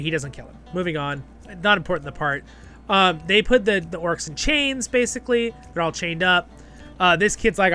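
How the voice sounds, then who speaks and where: Bright-voiced chatty male reviewer. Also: a little high. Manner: chatty, keeps tagging "right?" and "okay?". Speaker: show host and reviewer. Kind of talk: casual episode review commentary.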